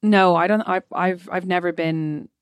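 A woman's voice: lowish voice, a little slow, clean tone, no room sound. A woman in her thirties co-hosting a podcast, talkative and wry with self-deprecating humour. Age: 30s. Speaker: podcast co-host. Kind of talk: casual chat.

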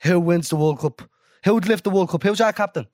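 A young man with an Irish accent, co-hosting a podcast in playful, animated banter and laughing often. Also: sits high, a little fast, no room sound, studio quality. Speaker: podcast co-host. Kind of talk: casual banter.

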